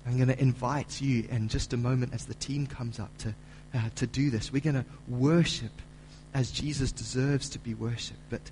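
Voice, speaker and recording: A man preaching a sermon as pastor, building to loud, emphatic delivery when he reads scripture. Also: medium pitch, fairly even intonation, moderate pace, slight background noise, low-quality recording. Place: church auditorium.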